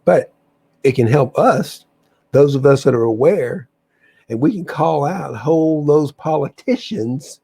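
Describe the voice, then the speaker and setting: A man's voice: fairly high pitch, lively intonation, a little slow, gravelly, warm tone, slightly rough. A man hosting a spiritual livestream, chatting casually and enthusiastically to viewers, rambling and often restarting his sentences. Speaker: livestream host.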